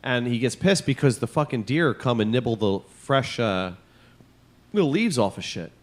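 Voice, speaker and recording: A man's voice: medium pitch, animated, moderate pace. Foul-mouthed rambling male podcast host. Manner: profane, rambling storyteller. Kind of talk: casual comedic chat.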